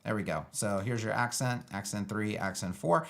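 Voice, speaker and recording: A man thinking out loud through a live web-building demo, loose and sarcastic, with lots of fillers. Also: lowish voice, normal speed, vocal fry. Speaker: web design educator building a page live. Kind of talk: casual live screen-share tutorial.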